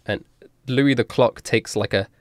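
A man narrating a tabletop game as game master, slow and full of fillers. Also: mid-range voice, no room sound, studio quality. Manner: slow, filler-heavy, chuckling.

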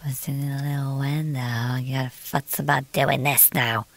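A woman's voice: a bass voice, flat delivery, normal speed. A British woman streaming a game, talking casually and muttering to herself as she plays. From Britain. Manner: chatty, exclaiming, muttering to herself. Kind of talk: casual gameplay commentary.

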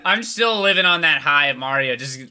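Young man, let's play host, lively high-ish voice, excitable, game music behind. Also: brisk. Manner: excitable, yelps at game events. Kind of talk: casual gameplay banter.

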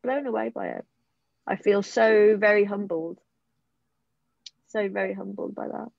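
A middle-aged British guest with a gravelly voice at an ordinary pitch recounts her recovery in conversation, halting and emotional, repeatedly pausing and restarting. The audio is a slightly dull, muffled online call lacking room echo.

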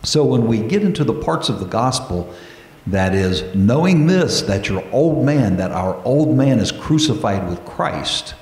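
Slow-preaching man in an echoey church. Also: mid-range voice, very animated, a little mellow. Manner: earnest, slow preaching with prayerful pauses. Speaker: pastor. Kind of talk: sermon. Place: church sanctuary.

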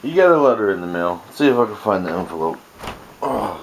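A man rants into his home camera, swearing freely and sounding thoroughly exasperated. His pitch swings widely between grumbling lows and indignant highs, and he restarts his sentences often. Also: sing-song, quick pace, creaky, slight background noise. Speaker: vlogger. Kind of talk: home video rant.

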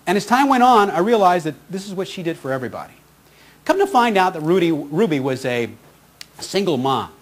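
A man who is a radio host and motivational speaker, telling an inspirational story with heartfelt, animated delivery and acting out the voices of people he met. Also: high voice, brisk.

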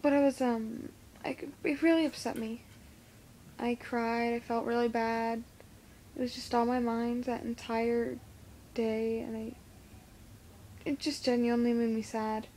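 Teen girl vlogger, lisp, hesitant and unhurried, phone recording. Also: fairly high pitch, flat delivery, warm tone, slight background noise. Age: teens. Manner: hesitant, halting with many fillers. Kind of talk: casual vlog talk to camera. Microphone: phone camera.

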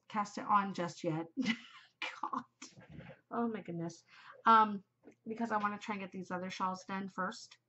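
A woman's voice: medium pitch, bright, forceful tone, lo-fi sound, a little hiss or hum. A middle-aged woman hosting a podcast, chatting casually and giggling, easily distracted. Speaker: podcast host. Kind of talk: casual chat to camera.

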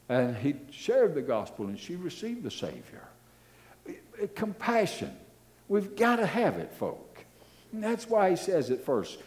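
A man's voice: fairly high pitch, measured pace. An older man preaching a sermon as pastor, telling stories with repeated phrases and hesitant fillers. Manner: animated, repetitive, fillers, storytelling.

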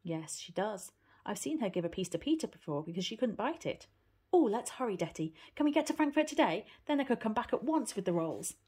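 A woman's voice: mid-range voice, big pitch swings, a little fast, mellow, breathy edge, voice pushed up. A woman doing an eager little girl. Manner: eager, pleading, childlike. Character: eager little girl, stubborn yet sweet.

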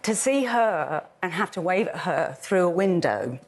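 A woman's voice: on the low side, expressive, a little slow. A middle-aged English woman talking earnestly and emphatically as a guest on a daytime TV panel show, recorded in a studio. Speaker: guest campaigner.

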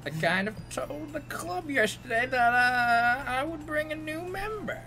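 A man's voice: very high-pitched, lively intonation, unhurried. A man reading aloud as a cheery, scatterbrained young schoolgirl, in a whiny sing-song way. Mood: pleading. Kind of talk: reading game dialogue aloud. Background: game music.

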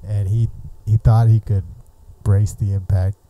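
Male podcast host, easygoing, slow unhurried talk, very dark tone. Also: lowish voice, flat delivery, a little hiss or hum. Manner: laid-back, laughing along. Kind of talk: casual chat.

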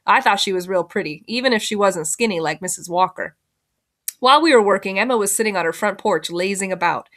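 A woman's voice: mid-range voice, brisk, a bit bright. Woman teacher reading a novel aloud. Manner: plain storytelling, self-corrections.

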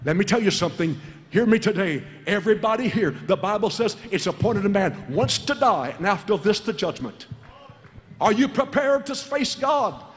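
A high-voiced older man preaching a sermon, his voice carrying through a large church hall with a long reverb. He swings between shouted calls and low, quiet asides. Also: expressive, fairly quick. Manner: preaching with shouted calls and sudden drops in pitch.

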